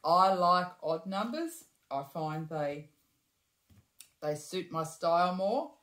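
A woman's voice: on the low side, lively intonation, slow pace, a bit bright. A woman giving a casual sewing demonstration, chatty, correcting herself and adding asides as she goes. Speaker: bag-making tutor. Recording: echoey room.

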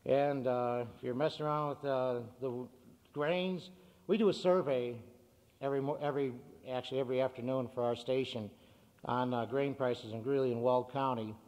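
A man's voice: mid-range voice, darkish tone. A man, a farm radio broadcaster, addressing a meeting and reading market prices in an upbeat manner. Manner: upbeat, reads figures briskly. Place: meeting hall. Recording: cassette with hall reverb.

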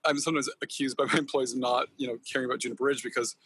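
A man speaks quickly and with passion, rambling as a podcast guest. His voice has a husky edge. His swearing comes easily, in a loose and casual way. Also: medium pitch, steady tone, fairly bright tone. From Northern California. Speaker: podcast guest, company founder. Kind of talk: casual interview chat.

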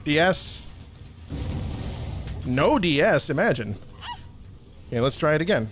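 A young man giving excitable, profane live commentary while streaming a video game. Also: on the high side, a little slow, pauses often, soft background music.

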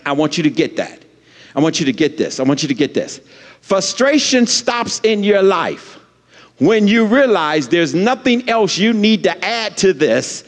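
A man preaching a sermon as pastor, with lots of repetition and call-and-response lines for the congregation. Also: on the high side. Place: church sanctuary. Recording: long church hall reverb.

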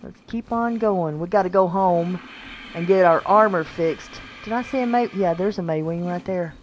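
A woman's voice: fairly low pitch, normal speed, slight background noise. A woman giving casual, chatty gameplay commentary, talking to the creatures on screen and laughing often. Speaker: gaming channel host.

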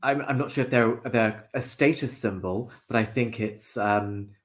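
Gentle, polite man as a guest. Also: mid-range voice, moderate pace. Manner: polite, gentle, many small hesitations. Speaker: guest, dog owner. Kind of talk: casual interview chat.

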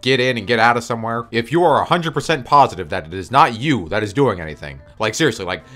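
A man's voice: medium pitch, lively intonation, fast, pushed and bright, soft background music. A man telling a story on his video channel, ranting and swearing as he goes. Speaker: video creator. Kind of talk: story-time vlog.

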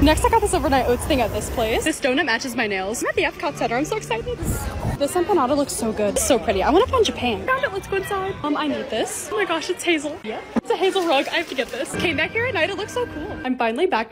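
A young woman narrating her lifestyle vlog in a casual, bubbly, gushing way. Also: high-pitched. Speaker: lifestyle vlogger.

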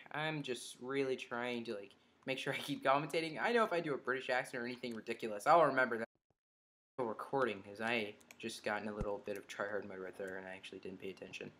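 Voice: mid-range voice, fairly quick, fairly bright tone, a little hiss or hum. A gaming commentator talking through live gameplay, chatty and muttering reactions to the game. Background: keyboard and mouse clicks.

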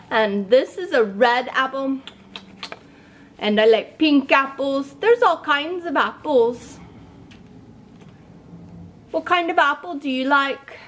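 A woman playing a cheerful chef in a children's puppet show, chatting and asking the viewer questions. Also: high-pitched. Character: cheerful chef who loves cooking with fruit.

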